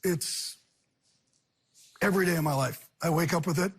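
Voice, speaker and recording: A man, a guest on a talk show, talking candidly and earnestly in intense rushing bursts. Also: fairly high pitch, husky.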